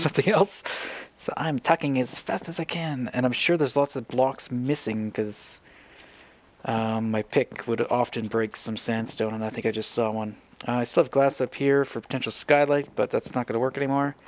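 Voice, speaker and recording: A man's voice: medium pitch, a little mellow. A man giving casual, rambling commentary on his building game, thinking aloud and correcting himself as he goes. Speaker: Minecraft let's player.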